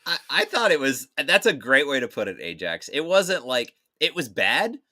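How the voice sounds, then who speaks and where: A man's voice: medium pitch, sing-song, moderate pace, sharp tone. A man co-hosting a casual live-stream chat about movies, playful and prone to silly voices. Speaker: co-host.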